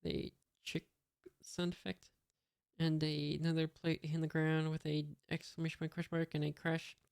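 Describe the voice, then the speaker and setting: A reader reading a comic aloud in a monotone, reading out sound effects and punctuation with many hesitant fillers. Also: medium pitch, normal speed, gravelly, smooth, no room sound, clean studio sound.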